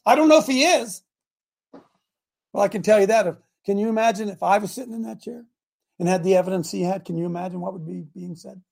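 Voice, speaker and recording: A man hosting a call-in talk show who preaches and builds up to shouting. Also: sits high, quick pace, vocal fry. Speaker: show host.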